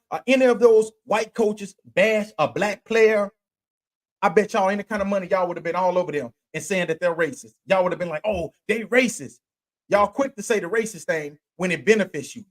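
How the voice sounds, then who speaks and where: Male podcast host, high-pitched, heated sports rant, blunt slang, rhetorical questions. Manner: repeats and restarts phrases while ranting.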